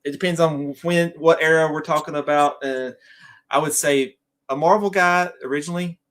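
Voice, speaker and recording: A man from South Carolina, a podcast guest in a casual chat, easygoing and quick to laugh. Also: on the high side, steady tone, a bit bright.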